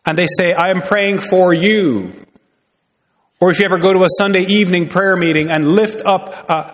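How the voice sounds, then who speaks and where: A man's voice: fairly high pitch, a bit bright. A man preaching a sermon as pastor, earnest, with many rhetorical questions. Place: church sanctuary. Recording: long reverb in a church hall.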